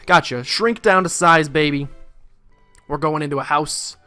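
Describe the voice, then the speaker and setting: A man chatting through a video game, rambling and joking with profane asides. His voice sits a bit high for a man, close and dry, with soft game music under it. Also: a little slow, no room sound. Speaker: let's play host. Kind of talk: casual gameplay commentary.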